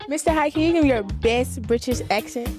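A woman's voice: high voice, quick pace. A woman interviewing people in school hallways with upbeat, playful questions. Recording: music bed under voice.

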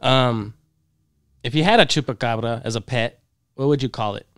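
A man hosting a podcast in casual chat, relaxed and slangy, calling his guest bro and man. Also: mid-range voice, normal speed, no room sound. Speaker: podcast host.

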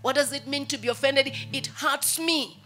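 A woman's voice: sits high, moderate pace, sharp tone, faint music behind. A woman pastor with a Ugandan English accent preaching a sermon. She acts out a baby's pleas in quoted lines.

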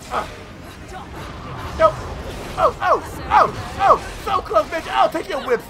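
A man giving loud, profane, excitable commentary while playing a video game. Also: extremely high pitch, slow, a crowd in the background. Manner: loud, profane, yelling reactions. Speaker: gameplay commentator. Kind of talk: excitable let's-play commentary. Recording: game audio with music behind.

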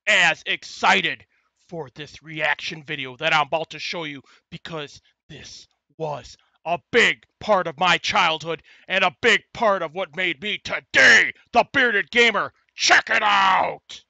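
Excitable gravelly-voiced middle-aged man. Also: on the high side, a little slow, no echo. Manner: excitable, gasping and shouting with glee. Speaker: YouTube gamer reacting to a trailer. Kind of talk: excited reaction vlog.

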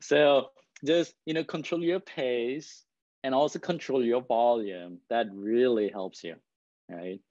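A man's voice: medium pitch, slow pace, a little mellow, dry recording, dull audio. Man speaking English as a second language. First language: not English. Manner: conversational, keeps checking in with "right?". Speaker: guest speaker. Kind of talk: presentation to an audience.

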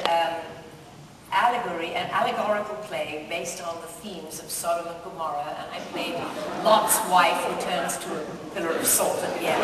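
A woman's voice: fairly low pitch, background noise. An older woman telling amused, self-deprecating stories as a guest at a live interview, laughing often. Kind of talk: anecdotal storytelling at a live interview. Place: large hall at a book festival with an audience. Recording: distant, echoey hall recording.

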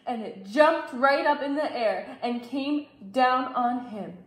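Brief: young female teacher, storybook read-aloud, slow and bouncy, roomy echo. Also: sits high. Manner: expressive read-aloud with big shouted character lines. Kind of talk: reading a picture book aloud to children. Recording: echoey room.

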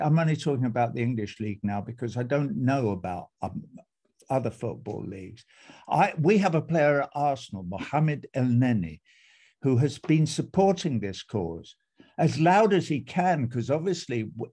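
A man's voice: medium pitch, darkish tone. A man giving an impassioned, emphatic speech as an activist guest on a video call, repeating phrases for force.

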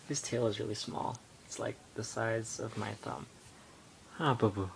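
A teenage boy rambling through a casual home vlog into his iPod camera, halting and full of fillers. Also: fairly low pitch, steady tone, gravelly, slight background noise. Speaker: vlogger.

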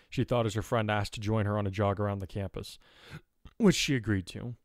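A man reading fan fiction aloud in a steady, measured narration. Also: lowish voice, dry recording, studio quality. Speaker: audiobook narrator.

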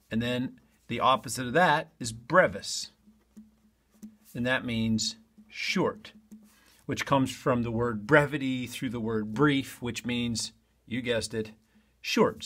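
Man, teacher, online lesson, chatty, talks to students directly, middle pitch. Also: fairly bright tone, breathy edge.

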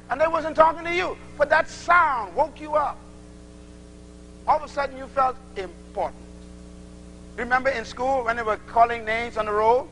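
A man's voice: extremely high pitch, moderate pace, long pauses, a little hiss or hum, low-quality recording. A man preaching a sermon to a congregation, acting out little dialogues as he teaches. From Bahamas. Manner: animated, acts out little dialogues.

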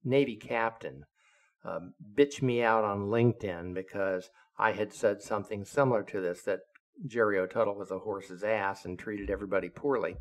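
A man's voice: fairly low pitch, normal speed. An older man, a retired navy officer and author, recounting his service memories in a blunt, profane, indignant way. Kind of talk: casual spoken memoir storytelling.

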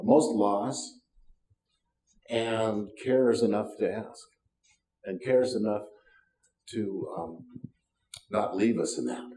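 A man's voice: lowish voice, slow pace, pauses often, mellow. An older man preaching a sermon as pastor, folksy and self-deprecating, with wry asides. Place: church sanctuary. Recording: roomy sound from a distance.

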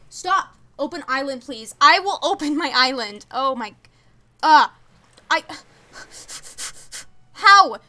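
A young woman streaming a video game, chatting casually, gushing and stammering with excitement as she thanks viewers. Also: high voice. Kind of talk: casual live-stream chat.

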